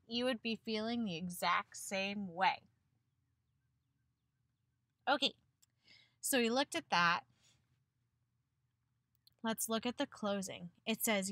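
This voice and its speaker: A woman's voice: sits high, pushed and bright, no room sound. A woman teacher giving a picture-book read-aloud lesson to children, encouraging them and asking questions that she answers herself.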